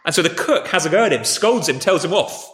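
A man's voice: on the high side, lively intonation, fairly quick, fairly bright tone, soft background music. A man preaching a conversational sermon, telling stories and speaking directly to the congregation and the children. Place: church. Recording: echoey church hall with long reverb.

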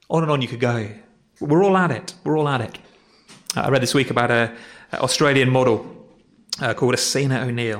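Male pastor, mid pitch, relaxed conversational sermon delivery with repeats. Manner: conversational, self-deprecating preaching with repetitions.

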